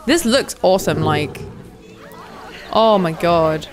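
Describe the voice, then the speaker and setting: Slow, gushing young woman gamer. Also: mid-range voice, animated, slight background noise. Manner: gushing, cooing over animals. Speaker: gaming video host. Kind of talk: casual gameplay commentary.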